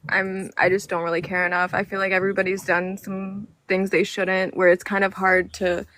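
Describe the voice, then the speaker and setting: A woman in casual chat, relaxed and talking with many fillers. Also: mid-range voice, moderate pace.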